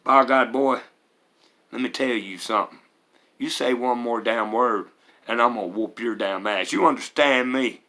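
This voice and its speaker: A man's voice: medium pitch, normal speed, pushed and bright. A man with a Mississippi accent imitating his harsh, abusive stepfather, who curses and barks threats. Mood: threatening. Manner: menacing, cursing, barking orders.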